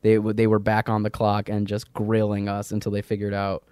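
A young man with a smooth, resonant, fairly low voice recounts his upbringing in a wry, easygoing way. The sound is dry and close. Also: monotone, fairly quick, darkish tone, no echo. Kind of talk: casual storytelling interview.

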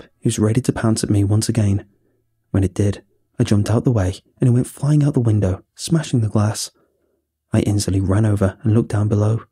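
A man reading a horror story aloud as scripted narration, in a steady, measured way. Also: lowish voice, slightly rough, dry recording, studio quality.

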